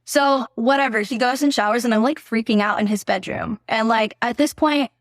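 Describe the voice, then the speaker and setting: A woman's voice: a little high, fairly quick, no room sound, studio quality. A young woman, a podcast guest, telling a story casually, filling her speech with "like" and swearing freely. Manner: chatty, heavy use of "like", swears freely. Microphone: podcast microphone.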